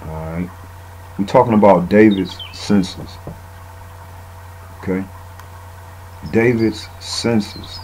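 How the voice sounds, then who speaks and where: Low dark-voiced man teaching scripture. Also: a little hiss or hum, poor audio. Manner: casual, repeats himself with fillers and "man". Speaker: bible teacher. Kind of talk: informal bible teaching.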